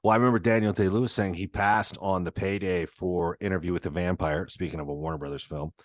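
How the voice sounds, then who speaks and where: Male host, very deep and dry; chatty storyteller, laughs easily. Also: fairly even intonation, fast talker, dry recording. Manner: rambling anecdotes, laughs often, swears. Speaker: podcast host. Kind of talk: casual interview chat.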